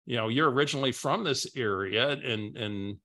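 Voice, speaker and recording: A man imitating a friendly, talkative middle-aged woman on a phone call, pitching his voice up. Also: moderate pace, no echo, clean studio sound. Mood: chatty. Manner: warm, familiar, asks lots of questions.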